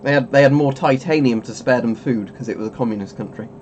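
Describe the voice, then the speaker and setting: A man's voice: mid-range voice, fast talker, a little mellow, muffled recording, a little hiss or hum. Rambling man chatting on stream. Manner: rambling, chuckling, self-interrupting. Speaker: streamer host. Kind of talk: casual webcam stream chat.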